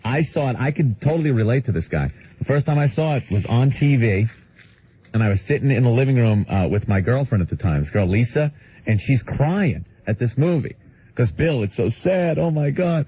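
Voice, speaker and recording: A man's voice: mid-range voice, a little fast, husky. A man co-hosting a radio show, telling a story in casual banter and slipping into goofy voices. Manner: animated storyteller, slips into goofy character voices and laughs. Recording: dull lo-fi radio broadcast.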